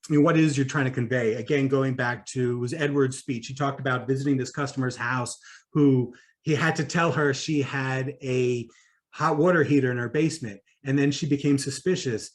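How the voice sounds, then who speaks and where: A man speaking at a conference about public speaking, conversational and animated, with fillers and quick laughs. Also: medium pitch. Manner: animated, demonstrates voice exercises aloud.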